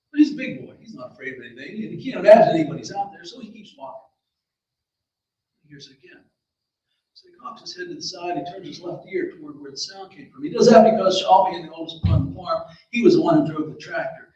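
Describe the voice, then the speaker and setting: A man's voice: sits high, big pitch swings, fast talker, darkish tone, highs cut off. A man telling a folksy story aloud at a library event, with chatty asides to his listeners. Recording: very echoey room, distant mic.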